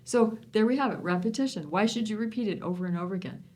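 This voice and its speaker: A woman's voice: medium pitch, fast, a little mellow. A woman linguist, a guest on an interview, explaining ideas through examples in a thoughtful way.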